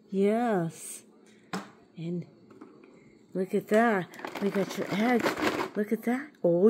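A woman's voice: on the high side, noisy background. A woman cooing at her pet rabbit in sing-song baby talk, gasping with delight as she shows it toy eggs at home.

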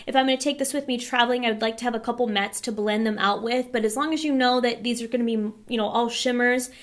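High voiced woman doing a makeup review, excited and blunt, kinda winded like she's getting sick. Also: quick pace. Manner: chatty and enthusiastic, frank opinions. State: a little winded, coming down with a cold. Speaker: beauty vlogger reviewing palettes. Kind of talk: casual product review.

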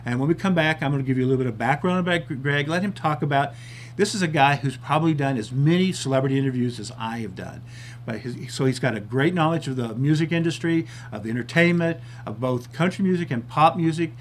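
A man's voice: on the high side, fast, a little hiss or hum. A man hosting his own TV talk show, chatting casually and a bit self-deprecatingly, sometimes out of breath. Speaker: TV show host.

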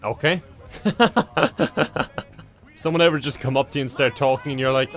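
A man's voice: mid-range voice, moderate pace, fairly bright tone, faint music behind. A young Irish man giving comedic, sarcastic commentary while playing a video game, laughing at what he sees. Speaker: gaming YouTuber.

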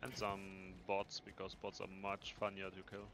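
A man's voice: on the low side, monotone, moderate pace, creaky. Laid-back man gaming over noisy gunfire. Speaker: gaming stream co-player. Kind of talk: casual co-op gaming chat.

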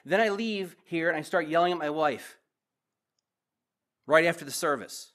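A man's voice: fairly high pitch, fairly quick, a bit bright. A man preaching as a pastor, teaching verse by verse and asking the congregation direct questions.

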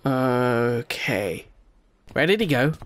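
A man doing let's-play commentary, chatty and jokey, talking to in-game creatures and swinging between quiet worry and loud excitement. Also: mid-range voice, slow pace.

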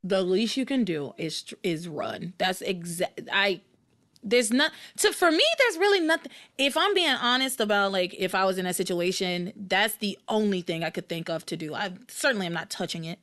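Animated woman podcast host. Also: medium pitch, normal speed. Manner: animated, exasperated, rambling with restarts. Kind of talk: casual recap chat.

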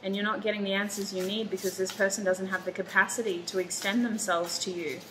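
A woman giving a pick-a-card tarot reading, warm and reassuring, close to tears at times. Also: mid-range voice, a little hiss or hum, poor audio. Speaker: tarot reader.

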